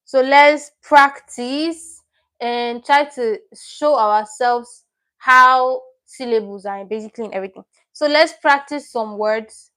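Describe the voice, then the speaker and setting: A Korean language teacher leads a livestream lesson, her voice slow, bright, forceful, and pitched on the high side. She explains patiently step by step and repeats every word she teaches.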